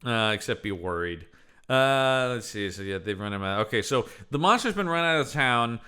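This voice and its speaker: A male podcast co-host picks apart an old TV movie in loose, jokey conversation. His voice swings up and down expressively and sounds bright and forceful, and he keeps dropping into exaggerated impressions of the characters. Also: medium pitch, moderate pace, clear, resonant tone. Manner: animated, jokey, acts out quotes in silly voices. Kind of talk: casual movie review chat.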